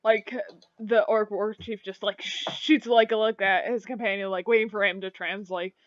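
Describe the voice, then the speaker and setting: A woman's voice: mid-range voice, steady tone, moderate pace, dry recording, muffled recording. A woman running a tabletop game as game master, narrating casually with lots of fillers.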